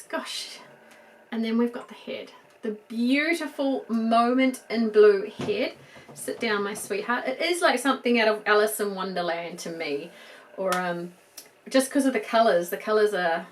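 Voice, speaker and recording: A middle-aged woman with a New Zealand accent, chatting casually as she dresses a doll, soft and gushing with murmured asides. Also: mid-range voice, slight background noise, low-quality recording. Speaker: doll collector. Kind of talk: casual show-and-tell chat.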